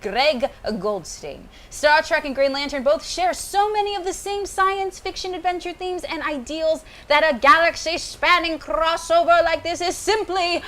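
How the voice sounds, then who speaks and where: A woman's voice: extremely high pitch, a bit bright. A woman co-hosting a comic book podcast, reading news and chatting playfully. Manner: playful, quick to laugh. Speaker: co-host.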